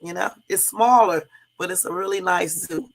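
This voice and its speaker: A woman's voice: lowish voice, moderate pace, gravelly. A woman hosting her own livestream, talking casually and chattily to her viewers and laughing easily. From Southern California. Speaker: livestream host.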